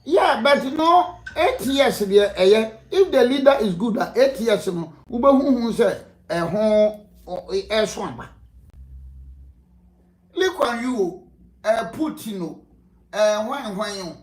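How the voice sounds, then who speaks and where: Animated Ghanaian man in an echoey room. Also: high-pitched, a little slow. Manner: animated, rhetorical, laughs between points. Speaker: political guest. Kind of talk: impassioned interview answers mixing Twi and English.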